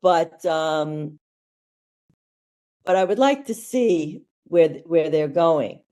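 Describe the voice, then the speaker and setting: A woman's voice: low voice, mellow. A woman, a nurse talking candidly as a podcast guest, blunt and rambling with fillers. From United States. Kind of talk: candid conversational storytelling.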